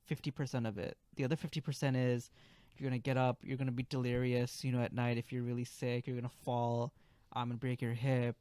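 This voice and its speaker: A man's voice: mid-range voice, a little mellow, no room sound. Laid back young guy on a podcast, laughs along, dry mic. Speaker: podcast co-host, physician. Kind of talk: casual podcast chat.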